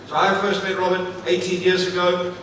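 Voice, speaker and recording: A man from Africa giving an energetic live keynote speech on stage, repeating phrases and putting questions to the audience. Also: sits high, moderate pace, background noise. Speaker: motivational speaker. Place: large event venue, on stage. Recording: echoey hall, mic at a distance, faint ambience.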